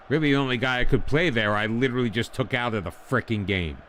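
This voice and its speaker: A man's voice: mid-range voice, fast, a bit bright, slight background noise. A man commenting casually on his own game as he plays, getting frustrated and talking back to it. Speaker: gaming channel host.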